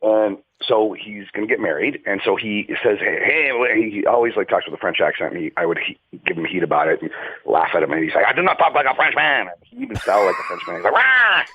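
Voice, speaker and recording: A man's voice: fairly low pitch, big pitch swings, a little fast, breathy edge, no room sound. A man who is a podcast guest, telling rambling stories in casual chat and making fun of himself, heard over a dull lo-fi remote line. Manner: rambling, self-mocking storyteller.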